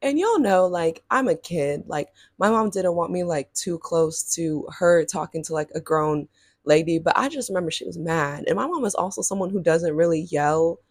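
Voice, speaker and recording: A woman's voice: normal speed, no echo, clean studio sound. A young woman from Southern California telling a childhood story to her viewers in casual chat, full of "like" and "y'all", her voice jumping up on quoted reactions. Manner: animated, chatty, lots of "like" and "y'all", pitch leaps on quoted reactions. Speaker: storytime vlogger.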